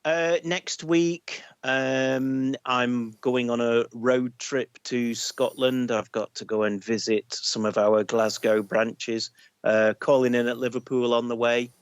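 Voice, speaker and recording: A man on a gaming podcast who teases the others with dry humour. His voice sits at a middle pitch, picked up close and dry with no room sound. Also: steady tone, slow, clear, resonant tone, no echo. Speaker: podcast co-host. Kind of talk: casual podcast chat.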